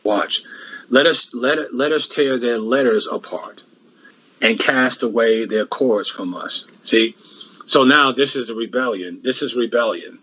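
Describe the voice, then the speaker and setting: A man teaches from scripture in a sermon, circling back on his points with frequent restarts. His voice is slightly husky and sits at a middle pitch. The recording sounds muffled and lo-fi. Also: measured pace, fairly bright tone. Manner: repetitive, restarts often, rhetorical questions. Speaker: preacher. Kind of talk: Bible class sermon.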